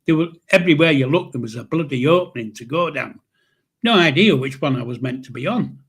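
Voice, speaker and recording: A man's voice: a little high, expressive, a little fast, fairly bright tone, breathy edge. A man in his seventies with a Yorkshire accent, casually telling a rambling personal story, swearing freely and restarting sentences. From Yorkshire, England. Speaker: channel host.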